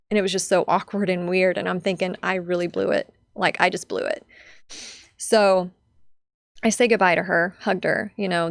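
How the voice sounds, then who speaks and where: A woman's voice: lowish voice, creaky, no echo, clean studio sound. A young adult woman telling a personal story as a podcast guest, heartfelt and chatty with lots of fillers.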